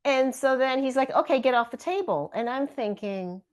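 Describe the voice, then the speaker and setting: Casual podcast host, a woman with a higher voice who acts out her stories loudly over a video call. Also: normal speed, few pauses. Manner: animated storytelling, acts out quotes loudly. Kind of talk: casual chat.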